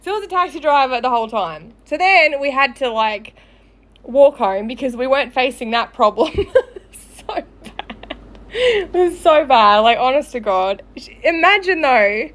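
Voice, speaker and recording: A young woman with a fairly high voice tells a story in loose casual chat. She talks in quick rambling bursts, swears freely, laughs through her lines and acts out what everyone said. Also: lively intonation, a bit bright. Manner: chatty, swears freely, laughs often, restarts, acts out quoted dialogue. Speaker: storyteller on a live show. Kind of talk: casual chat, telling a funny anecdote.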